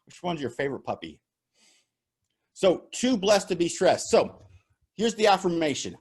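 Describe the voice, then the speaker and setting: A motivational speaker giving a virtual talk on a video call, telling stories in an animated way and chuckling at his own jokes. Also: on the high side, moderate pace, husky. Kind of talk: virtual keynote talk with storytelling.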